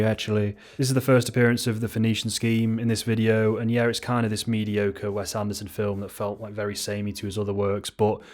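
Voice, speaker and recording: A young man talks through film awards picks in a loose, rambling way, swearing freely and poking fun at himself. His voice sits fairly low but jumps up high when he gets worked up. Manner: rambling, sweary, self-mocking, jumps into sudden high exclamations. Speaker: YouTube film commentator. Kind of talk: casual unscripted film commentary.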